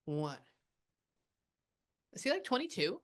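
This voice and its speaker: A woman working as a medium, passing on a spirit's messages in a casual, chatty way with many pauses. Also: medium pitch, big pitch swings. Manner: relays a spirit's words with quick asides and pauses. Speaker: psychic medium. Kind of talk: spirit reading session.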